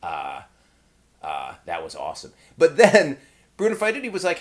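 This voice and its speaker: Guy rambling excitedly in a vlog, voice bouncing up and down a lot. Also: mid-range voice, brisk. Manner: excited, rambling, with restarts and laughs. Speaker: game designer and reviewer.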